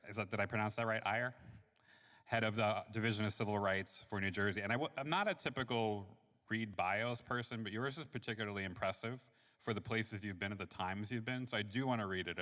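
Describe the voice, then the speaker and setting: A man's voice: lowish voice, fast. A man hosting an event, reading a guest's bio with admiring asides. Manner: warm, admiring, reads then ad-libs. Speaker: event host. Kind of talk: reading an introduction. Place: church. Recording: reverberant church hall.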